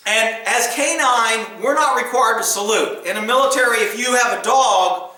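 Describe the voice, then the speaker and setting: Middle-aged man, high bright voice, casual storytelling, laughing and swearing, very echoey room. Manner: animated, laughing, profane, shouts out quoted lines. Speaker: podcast host telling stories. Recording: very echoey room, mic at a distance.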